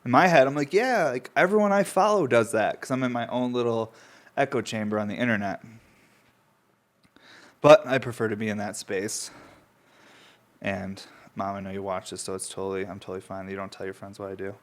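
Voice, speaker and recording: A man's voice: fairly low pitch, flat delivery, brisk, pauses often. A young man from upstate New York hosting his own podcast, telling loose rambling stories between coughs and swearing casually, with a runny nose from smoking. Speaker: podcast host.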